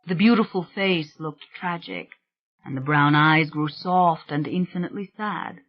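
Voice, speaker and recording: Slow, measured audiobook narrator. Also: mid-range voice, lo-fi sound. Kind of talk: scripted novel narration.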